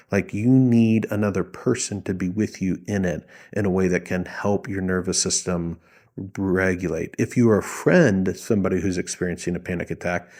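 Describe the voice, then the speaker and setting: A man working as a therapist, explaining panic attacks in a calm teaching tone, slowing down to model a soothing voice. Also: low voice. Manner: slows down and softens to model a soothing voice. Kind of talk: explaining psychology to camera.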